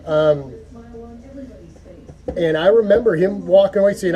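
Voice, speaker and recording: A man giving an earnest, folksy prayer talk to camera, halting and repeating words as he goes. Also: high-pitched, warm tone. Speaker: go-kart hobby vlogger.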